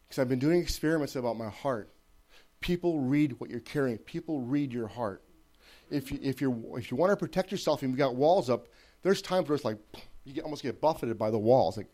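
Male preacher, warm low-key tone, chatty sermon with repeated emphatic lines. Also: expressive, a little fast. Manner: conversational, repetitive emphatic phrasing, checks in with listeners. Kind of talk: informal sermon.

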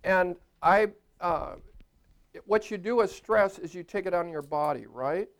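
A man's voice: high voice, a little slow. Older male pastor preaching playfully. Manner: chatty and playful, laughing at his own jokes. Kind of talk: sermon. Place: church.

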